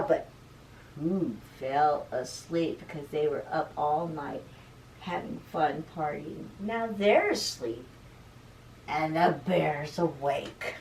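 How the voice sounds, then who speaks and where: Woman teacher, storytime read-aloud, explains words, very lively pitch, slow pace, roomy far mic. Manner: animated, explains words to children. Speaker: teacher reading to children. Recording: roomy room, distant mic.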